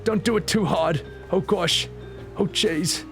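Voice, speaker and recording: A man's voice: sits high, slow pace, voice pushed up. A man voicing a tiny, cowering male Lalafell from a fantasy game who stammers and whimpers pleas for mercy, over faint music. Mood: pleading.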